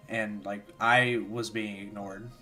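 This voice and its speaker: A man's voice: lowish voice, level tone, takes it slowly, sharp tone, soft background music. A tired young man streaming, rambling casually with lots of fillers while he answers chat and commentates games. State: tired, yawning. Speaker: streamer hosting a watchalong.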